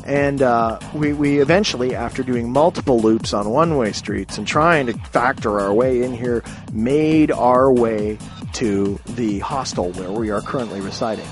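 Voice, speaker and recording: A man hosting his own podcast, telling a story from a hostel room in a rambling, animated way and swearing freely. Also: mid-range voice, normal speed, faint music behind. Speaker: podcast host. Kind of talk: casual storytelling monologue.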